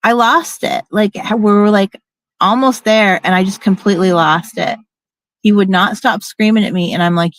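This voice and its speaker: A woman's voice: mid-range voice, normal speed, fairly bright tone, dry recording. A middle-aged woman telling a personal story in a candid, emphatic, casual way, now and then swearing and acting out what people said.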